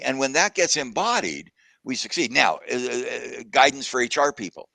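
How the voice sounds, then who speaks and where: A man's voice: medium pitch, very animated, fairly quick, creaky, bright, forceful tone, no room sound. A man telling a personal story in a casual video-call conversation, reflective and at times emotional. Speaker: guest speaker.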